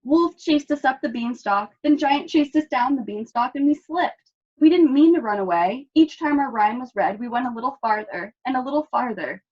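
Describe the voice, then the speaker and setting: Brief: woman reading as a tearful little spoon, shaky and high, muffled sound. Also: expressive, normal speed, a little mellow. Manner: shaky, stammering. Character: small frightened spoon, tearful. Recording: dull lo-fi recording.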